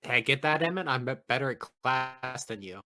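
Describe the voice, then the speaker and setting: A man playing a brash young female soldier who talks bluntly and loudly, her voice bright and lively. She jumps up and down in pitch as she pushes back in the tabletop role-play. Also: normal speed, faint music behind. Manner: blunt, loud, laughing easily. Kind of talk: in-character role-play chat.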